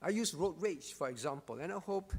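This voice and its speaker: High-voiced pastor preaching in a reverberant hall. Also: male voice, expressive, fairly quick, slightly rough. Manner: emphatic, repeats key phrases, frequent rhetorical "all right?". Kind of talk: sermon. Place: church.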